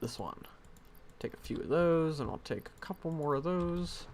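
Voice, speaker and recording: A man's voice: fairly high pitch, moderate pace, slight background noise. A man streaming a game live from home on a headset mic, thinking aloud in a rambling, self-deprecating way. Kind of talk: casual live-stream commentary.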